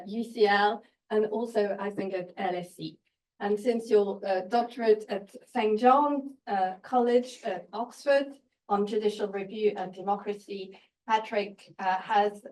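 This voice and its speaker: A woman chairing an academic seminar, introducing the speaker in a halting way with frequent pauses. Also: medium pitch, darkish tone, far from the mic, rough recording.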